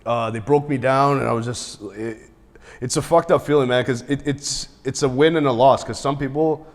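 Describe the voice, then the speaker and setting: A man's voice: mid-range voice, fairly even intonation, normal speed, long reverb tail. A man, a podcast guest, telling stories in casual, profane chat, often laughing and acting out what others said. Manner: profane, laughs mid-story, acts out quotes.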